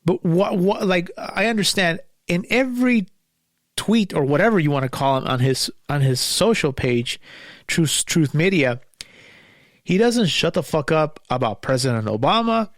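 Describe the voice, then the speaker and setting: A young man ranting angrily and profanely in a solo commentary, repeating himself and sometimes yelling. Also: on the high side, expressive, moderate pace, no room sound, clean studio sound. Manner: angry, profane, repeats himself, yells at times. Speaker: podcast host.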